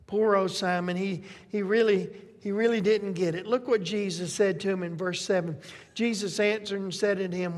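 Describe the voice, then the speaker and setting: Slow, conversational preacher in a reverberant hall. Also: medium pitch, steady tone. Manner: conversational, checks in with tag questions. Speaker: pastor. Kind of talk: sermon.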